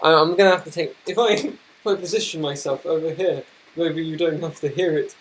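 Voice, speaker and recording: Over the whir of a noisy laptop fan, a young man talks fairly quickly in a fairly high voice during a casual live stream at his computer. He's flustered and apologetic, rambling and restarting often.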